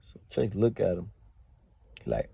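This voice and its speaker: A man's voice: low voice, sing-song, slow pace, gravelly, warm tone, breathy edge, no echo. A man telling a rambling, slangy story from a party in a casual storytime monologue. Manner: slangy, rambling, fillers and restarts.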